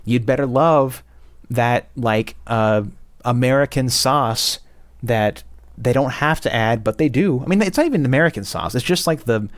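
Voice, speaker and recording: A man's voice: mid-range voice, normal speed, dry recording. A young man hosting a casual game review, blunt and profane, with many fillers. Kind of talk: casual opinionated monologue.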